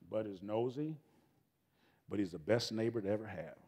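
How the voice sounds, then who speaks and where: A middle-aged man, guest speaking to students at a school event, tells a homespun story in a folksy, animated way, often interrupting and restarting his sentences with casual grammar. His voice is on the low side, his pace moderate, with long pauses. The recording has a long hall reverb.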